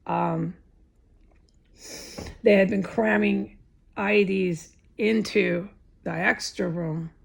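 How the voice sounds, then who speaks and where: A woman delivers a rambling first-person vlog monologue, swearing freely and breaking off to restart her sentences. Her voice is heavily gravelly with a husky, breathy edge, and sits at a middling pitch. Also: fairly even intonation, slow, long pauses. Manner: rambling, profane, restarts often.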